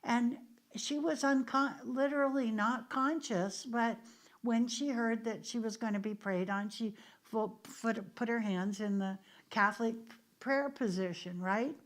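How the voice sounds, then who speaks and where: A woman's voice: fairly high pitch, measured pace. A middle-aged woman minister from the United States, leading an informal discussion and telling stories with restarts and asides. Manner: conversational, storytelling, with restarts and asides. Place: church meeting room.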